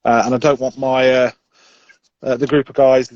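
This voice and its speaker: A man's voice: mid-range voice, flat delivery, moderate pace, a little mellow, dry recording. Male host on a phone live stream, hesitant and full of fillers, dull, dry sound. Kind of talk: casual chat. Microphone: phone on a flexible arm.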